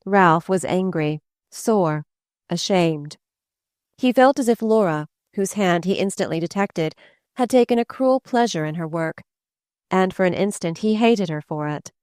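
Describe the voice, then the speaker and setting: A woman narrates a classic novel in a measured, even-toned reading. Her voice is smooth and clear and sits slightly low. The recording is dry and close-miked. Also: no echo. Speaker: audiobook narrator. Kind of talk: scripted literary narration.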